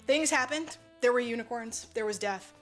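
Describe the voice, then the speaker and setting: A woman's voice: fairly high pitch, normal speed, faint music behind. A woman co-hosting a podcast, recapping a movie in a rambling, casual way, full of "like" and swearing. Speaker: podcast co-host.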